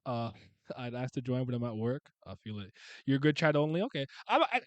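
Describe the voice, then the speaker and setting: A man's voice: mid-range voice, very animated, brisk, no echo. A man hosting a casual livestream chat, rambling with lots of restarts and laughter. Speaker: livestream host.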